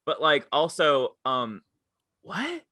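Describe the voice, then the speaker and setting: A young man on a podcast, talking in a bright, forward voice that swings up and down a lot as he tells a story. He acts out the people he quotes. The sound is close and dry. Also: mid-range voice, lively intonation, moderate pace, no echo. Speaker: podcast co-host. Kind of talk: casual chat.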